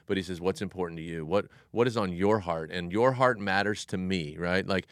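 A pastor with a very low voice talks through scripture in a lively, storytelling manner. The sound is close and dry, with no room around it. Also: male voice, brisk, no echo. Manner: animated storyteller, acts out voices. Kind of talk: casual Bible discussion.

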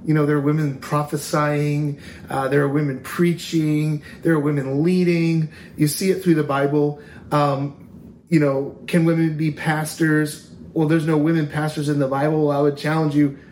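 A man's voice: on the high side, little pitch movement, normal speed, darkish tone. A man co-hosting a faith talk show, speaking in an earnest, emphatic, preaching style. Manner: earnest, emphatic, rising in intensity. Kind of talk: preaching-style casual chat. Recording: echoey room with faint noise.

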